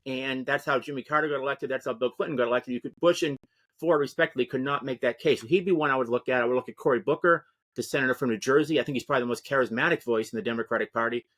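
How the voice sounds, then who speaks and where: A male interview guest who talks quickly and keeps things lively. He moves through political history in a discursive, storytelling way, in a casual conversational tone. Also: mid-range voice.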